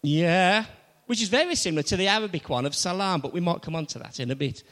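Male preacher, high animated voice, playful quizmaster, church reverb. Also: quick pace. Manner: playful, quizzing the audience. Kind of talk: interactive sermon with congregation.

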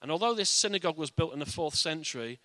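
A man's voice: on the high side, lively intonation, fast talker, bright, forceful tone, no echo. A man giving an informal, earnest Bible teaching in a conversational way.

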